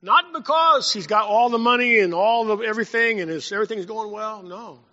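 A man preaching a sermon as pastor, telling stories and swinging between loud and hushed. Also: high voice, fairly quick. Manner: storytelling preacher, rising and dropping in volume. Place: church sanctuary. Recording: dull sound in a long-reverb hall.

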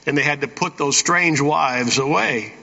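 Folksy preacher man, bright and gravelly. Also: a little high, measured pace. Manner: folksy preaching with frequent "Amen?" asides. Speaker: pastor. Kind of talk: sermon. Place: church. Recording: dull reverberant church hall sound.

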